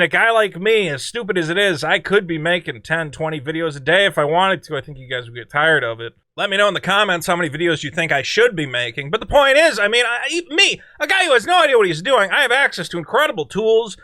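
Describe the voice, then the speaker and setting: A man giving a sarcastic, animated commentary vlog, often breaking into exclamations. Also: sits high, dry recording. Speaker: online commentator.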